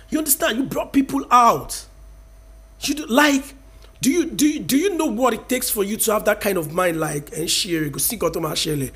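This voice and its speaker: Nigerian man, thirties, high-pitched voice, emphatic preachy vlog rant. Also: animated, normal speed, a bit bright. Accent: Nigerian, Yoruba-speaking. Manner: emphatic, preachy, mixes in Yoruba. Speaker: vlogger. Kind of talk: casual opinion rant to camera.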